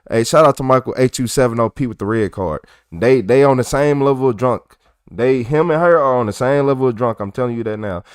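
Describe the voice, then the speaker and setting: A man's voice: mid-range voice, dry recording, studio quality. A man reacting to police footage in casual commentary, ranting animatedly in slang.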